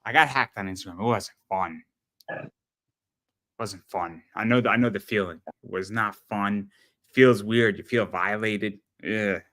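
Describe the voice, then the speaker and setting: A man hosting a casual podcast chat, rambling and animated, often repeating words as he tells stories. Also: fairly low pitch, a little slow. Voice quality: rambling, animated storyteller with frequent stammered repeats. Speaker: podcast host.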